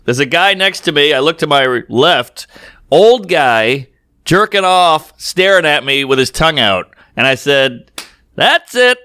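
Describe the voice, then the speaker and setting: A man on a podcast telling a crude comic story in a casual, deadpan way, with bits of put-on voices. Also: fairly high pitch, unhurried, clear, resonant tone, no echo, studio quality. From United States. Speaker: comedian podcast host.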